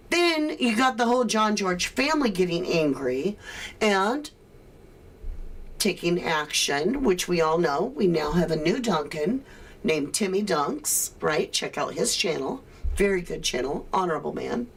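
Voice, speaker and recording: A woman's voice: mid-range voice, expressive, a little slow. A woman hosting a livestream, reading viewer comments and ranting sarcastically. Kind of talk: casual chat.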